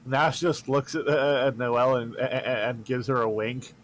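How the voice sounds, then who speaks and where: A man's voice: mid-range voice, fairly even intonation, a little slow, slight background noise. A man playing in a tabletop game, matter-of-fact in his turns. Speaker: player. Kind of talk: casual tabletop game play.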